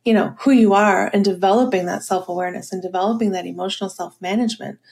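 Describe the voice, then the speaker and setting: A woman's voice: mid-range voice, steady tone, fast, a little mellow. A woman leadership coach telling stories in a podcast interview, with many fillers like "you know" and "um".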